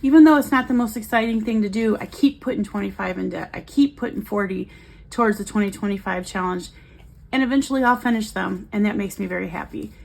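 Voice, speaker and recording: A woman's voice: medium pitch, fast, gravelly, a little mellow. A woman vlogging in a cheerful, chatty way, counting cash aloud as she budgets. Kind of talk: upbeat casual vlog while cash stuffing.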